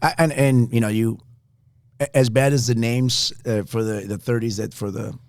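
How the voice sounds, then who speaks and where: A man's voice: medium pitch, fairly even intonation, moderate pace, dry recording, studio quality. A man co-hosting a casual podcast chat, rambling with lots of fillers and frequent laughs. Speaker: podcast co-host.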